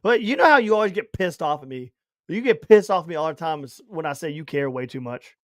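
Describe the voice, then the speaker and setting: A man co-hosting a sports podcast in casual chat, rambling and animated with loud bursts. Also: fairly high pitch, fast, dry recording, studio quality. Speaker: podcast co-host.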